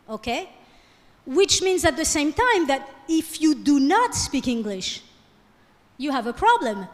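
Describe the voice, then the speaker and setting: Female lecturer, high voice, lively, long hall reverb. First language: French. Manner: lively, keeps asking "okay?". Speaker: guest lecturer. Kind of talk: classroom lecture.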